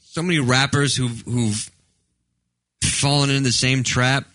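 Bright-voiced halting male co-host. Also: mid-range voice, steady tone, no room sound. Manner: halting, restarts sentences. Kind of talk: casual radio banter.

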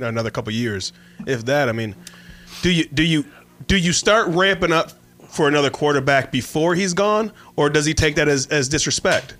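Easygoing male co-host, slightly high. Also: fairly bright tone. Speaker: radio show co-host. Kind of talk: casual chat.

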